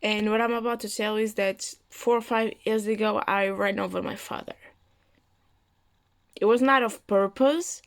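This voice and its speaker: A woman's voice: medium pitch, steady tone, normal speed. A woman vlogger casually telling a funny personal story in a chatty, rambling, amused way.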